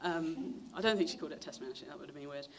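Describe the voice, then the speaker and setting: This young preacher races through his testimony in a fairly bright voice, telling it in a chatty, storytelling way. He mimics the people he quotes with dramatic pitch jumps, and the audio carries a little hiss or hum.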